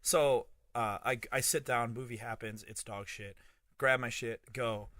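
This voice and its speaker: A man in his thirties co-hosting a podcast, telling a long anecdote in a casual, profane and animated way. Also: mid-range voice, measured pace, dry recording. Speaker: podcast co-host. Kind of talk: casual storytelling chat.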